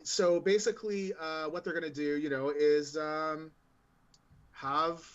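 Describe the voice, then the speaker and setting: A man co-hosting a podcast from afar, rambling and relaxed as he explains, his voice sitting a little high for a man. The sound is dull and lo-fi, as if it comes over a remote connection. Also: unhurried. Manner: rambling and relaxed, with many fillers while he explains. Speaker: podcast co-host. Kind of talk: casual podcast chat. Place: remote, at a gaming convention.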